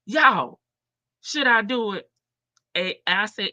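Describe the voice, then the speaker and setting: A woman's voice: medium pitch, animated, slow pace, pushed and bright, dry recording. A woman hosting a casual live stream, reading news aloud and greeting her viewers by name. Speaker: livestream host. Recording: slightly dull, dry stream audio.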